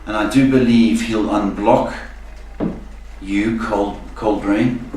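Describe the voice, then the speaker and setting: A man hosting a live-stream psychic reading, talking gently and often checking in with "okay?". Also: lowish voice, fairly even intonation. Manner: slow, soothing, ends phrases with "okay?". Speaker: psychic host. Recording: echoey room, mic far off, faint noise.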